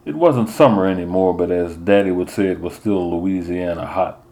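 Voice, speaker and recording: Deep-voiced male audiobook narrator. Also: moderate pace, mellow. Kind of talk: scripted first-person narration.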